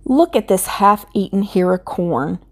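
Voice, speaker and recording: A woman's voice: medium pitch, lively intonation, a little slow. A woman voicing a stern male farmer in a storybook reading, scolding and firm.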